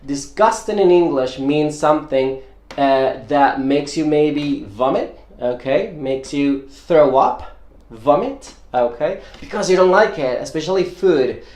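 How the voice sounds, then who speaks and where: A man's voice: on the high side, darkish tone. Man teaching English, saying "okay?" a lot. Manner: explains slowly, repeats "okay?" after each point. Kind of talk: casual video lesson. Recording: echoey room.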